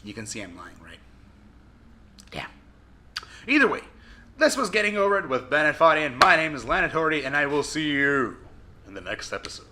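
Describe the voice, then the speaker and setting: A man commenting on his own gameplay, shouting and swearing in frustration between joking asides. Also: fairly high pitch, very animated, fairly quick, long pauses, slight background noise. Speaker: gaming video host. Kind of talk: let's play commentary.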